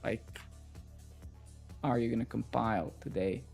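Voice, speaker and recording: A man's voice: mid-range voice, a little slow, gravelly, darkish tone, slightly rough, faint music behind. A man live coding on a stream, thinking aloud as he works and swearing at the code when it breaks. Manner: muttering to himself, swearing in frustration.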